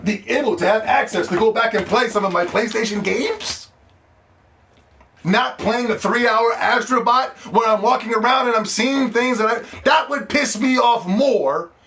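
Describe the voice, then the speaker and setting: A man's voice: high-pitched, sharp tone. A man hosting a podcast in a casual, profane, sarcastic rant. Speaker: podcast host.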